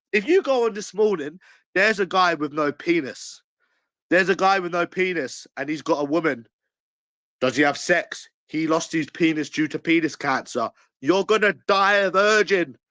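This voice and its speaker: A man with a London accent delivers a long, abusive rant straight to camera. He repeats himself, jeers, and breaks into shouts. His voice sits fairly high, and the recording is dry and close. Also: no room sound, low-quality recording. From England. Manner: abusive, repetitive, jeering, bursts into shouts. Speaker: channel owner. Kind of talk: angry ranting monologue to camera.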